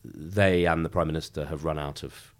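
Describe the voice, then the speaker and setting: A middle-aged man, a member of Parliament, giving a measured, emphatic political interview with frequent restarts. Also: rumbling low, fairly even intonation.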